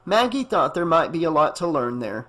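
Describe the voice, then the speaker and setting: Male audiobook narrator, slightly higher voice, steady, even storytelling. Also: moderate pace. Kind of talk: scripted narration.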